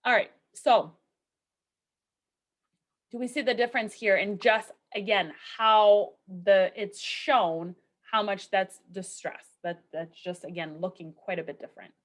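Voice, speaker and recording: A little slow and medium in pitch, a woman's voice carries a recorded statistics lecture. She teaches conversationally, tossing out rhetorical questions and checking in with "okay" and "right" again and again.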